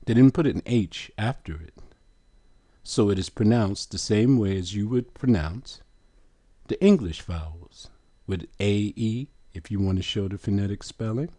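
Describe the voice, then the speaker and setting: A man teaching a lesson from a letter chart, asking questions and repeating each sound slowly. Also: fairly low pitch, animated, dark tone, dry recording, studio quality.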